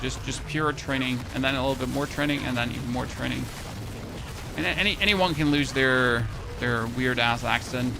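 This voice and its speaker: A game streamer with a German accent chats casually to his live-stream audience as he plays, rambling, swearing and laughing at himself. His voice is medium-pitched and gravelly at a normal speed, with background noise audible.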